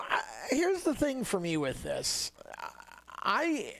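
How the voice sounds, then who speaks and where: Higher-voiced chatty male radio host. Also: slow, gravelly. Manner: relaxed, chatty, many fillers and restarts. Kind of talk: casual motorsport radio talk.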